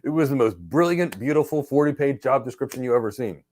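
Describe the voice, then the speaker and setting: A middle-aged man hosting a live career Q&A, telling stories in an emphatic, animated way. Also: medium pitch, fast. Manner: emphatic, animated storyteller who acts out exchanges. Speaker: host and cloud career trainer. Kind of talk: live Q&A with storytelling.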